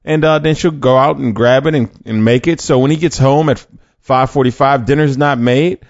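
A man's voice: mid-range voice, normal speed, dry recording, dull audio. A man hosting a faith podcast, talking conversationally with fillers, restarts and rhetorical questions. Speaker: podcast host.

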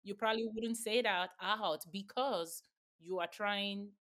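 A woman's voice: medium pitch, a little slow, fairly bright tone. A woman in her thirties hosting an interview podcast, affirming her guest and thinking aloud as she talks. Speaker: podcast host. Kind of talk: conversational interview.

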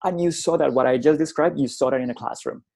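A man's voice: on the high side, quick pace, creaky. A middle-aged man from Colombia, a native Spanish speaker, telling classroom stories as a guest and acting out the dialogue, often tagging on "right?". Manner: animated, acts out dialogue, frequent tag "right?". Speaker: college instructor and guest. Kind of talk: conversational storytelling.

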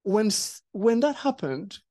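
A pastor recounts a testimony in conversation, voice leaping up as the story grows heated. Mid-pitched and lively, recorded close and dry. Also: a little fast, no echo. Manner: animated storytelling, acting out quotes. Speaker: pastor and co-host.

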